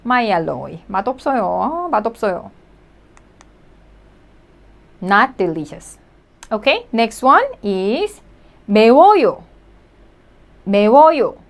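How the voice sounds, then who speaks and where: A woman teaching in an online lesson, slowly explaining words and repeating examples for her students. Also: medium pitch. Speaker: Korean language teacher.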